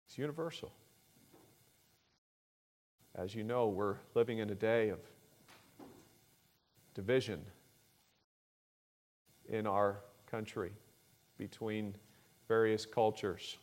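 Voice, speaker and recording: A man preaching a sermon, reading scripture aloud and rising in pitch and volume on key phrases. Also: a little mellow. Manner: deliberate, measured delivery with fillers. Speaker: pastor.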